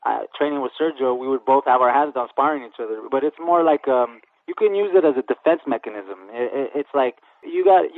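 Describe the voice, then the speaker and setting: A professional boxer answers in a rapid, earnest flow and restarts his sentences with repeated words. His voice comes through dry and narrow, like a phone line. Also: medium pitch, no echo. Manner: quick, earnest, repeats words when starting. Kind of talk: casual interview answers. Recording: tinny phone-like radio sound, dry.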